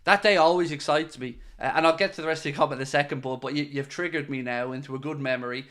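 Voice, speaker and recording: An Irish man talks straight to his viewers in a loose, chatty commentary. He delivers his jokes with mock-serious, sarcastic pitches. His voice sits a little higher than most men's. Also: fast talker, a bit bright. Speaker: football fan channel host. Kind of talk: casual solo commentary to camera.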